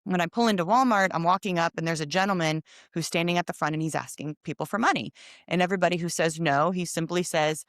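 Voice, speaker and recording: A middle-aged woman hosting a podcast, telling a personal story in casual chat with expressive, animated delivery. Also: fairly low pitch, fast talker, no echo, clean studio sound. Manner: expressive, animated storytelling with lively quoted voices. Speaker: podcast host.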